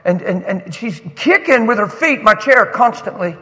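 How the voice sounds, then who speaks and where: A pastor giving an animated, emotional sermon that he breaks off to greet friends, recorded in a church sanctuary with a long reverb. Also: sits high, moderate pace. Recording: long reverb of a large hall.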